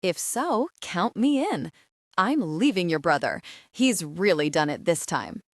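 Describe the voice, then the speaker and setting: A woman's voice: on the low side, very animated, unhurried, no room sound, clean studio sound. A woman voicing a bubbly, dramatic Southern sister-in-law with a Georgia twang. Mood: breezy. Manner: twangy, trilling, indignant.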